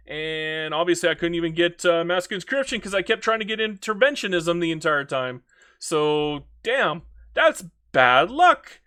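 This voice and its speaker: A man talks through his strategy game in casual commentary, his voice pitched high and bright. He rants in an animated way and often restarts his sentences. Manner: animated, ranting, frequent restarts. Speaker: gaming YouTuber.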